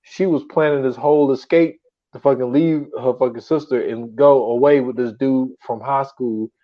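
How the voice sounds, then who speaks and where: A man co-hosting a podcast, retelling a show in animated casual chat, acting out quotes and swearing freely. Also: mid-range voice, moderate pace, dull audio. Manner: animated storytelling, acts out quotes, profane. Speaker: podcast co-host. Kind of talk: casual chat reviewing shows.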